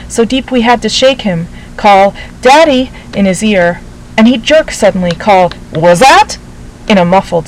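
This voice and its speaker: Woman calmly reading a literary story. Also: medium pitch, slight background noise, rough recording. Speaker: narrator.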